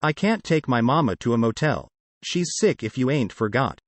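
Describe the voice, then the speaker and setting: A man's voice: mid-range voice, lively intonation, normal speed, no echo, close to an everyday voice. A man reading the part of a frightened young wife who speaks anxiously and pleads.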